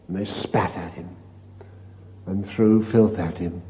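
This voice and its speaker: An older man, a priest, giving a retreat meditation as a slow, storytelling sermon with hushed quoted lines. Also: medium pitch, steady tone. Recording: dull lo-fi tape in a reverberant hall.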